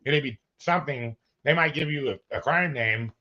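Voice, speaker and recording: Reacting to police footage as a co-host, this man has a medium-pitched, pushed, bright voice at a normal speed. The chat is casual, with plenty of joking, rambling, and laughter, captured in dull lo-fi audio.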